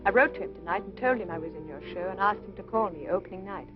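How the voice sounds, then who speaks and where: An actress playing a sweet young woman dancer who speaks softly and politely. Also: medium pitch, quick pace, close to an everyday voice. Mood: wistful. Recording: dull old film soundtrack with music.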